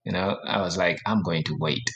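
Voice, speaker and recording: A young man from Uganda speaks in a fairly low voice, retelling his past with lots of energy. He often slips into voices of the people in his story and laughs along the way. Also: fairly quick. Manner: animated, acts out dialogue, laughs often. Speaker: guest, professional soccer player. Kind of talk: casual storytelling.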